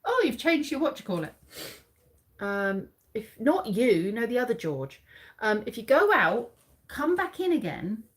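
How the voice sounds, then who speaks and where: A woman in her forties from England runs a casual live quiz from a dim room at home. She reads out facts and chats with viewers by name, and her pitch rises and falls a lot as she talks. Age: 40s. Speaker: livestream host.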